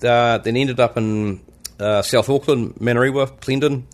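A man's voice: mid-range voice, steady tone, normal speed. A man from New Zealand with a New Zealand accent, a landscaper guest on a podcast, laid-back and self-deprecating. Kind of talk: casual podcast interview. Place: studio.

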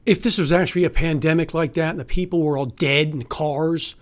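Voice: medium pitch, fairly even intonation, a little fast. A podcast host delivering an angry, profane, sarcastic solo rant. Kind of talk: solo ranting monologue.

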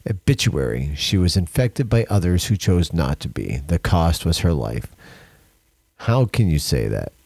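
A man's voice: low-pitched, big pitch swings, measured pace, gravelly, darkish tone, breathy edge, no echo. A man hosting a podcast, reading news headlines aloud and arguing against them in a casual, opinionated way. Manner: opinionated, reads headlines aloud then argues. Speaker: podcast host.

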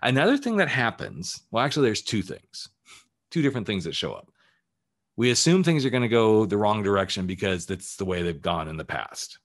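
A man's voice: fairly low pitch, big pitch swings, brisk. A man who works as a life coach, giving a candid, emphatic motivational talk on his podcast and swearing casually as he goes.

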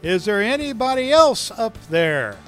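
A man playing a panicked hiker who clings to a branch on a cliff and yells for help in a strained, high voice. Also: very animated, a little slow, soft background music, exaggerated voice. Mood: desperate. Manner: frantic high-pitched yelling. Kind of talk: joke storytelling.

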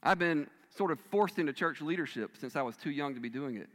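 A male pastor preaching a sermon, swinging between loud emphatic bursts and hushed, quiet lines. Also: on the high side, expressive, quick pace. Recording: long reverb of a large hall.

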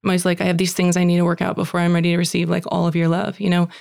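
A woman giving a chatty, animated personal faith testimony at a women's gathering, acting out dialogue and saying "like" often. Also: on the low side, rapid-fire, vocal fry, dry recording, clean studio sound. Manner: heavy use of "like" as filler. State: tearful at moments.

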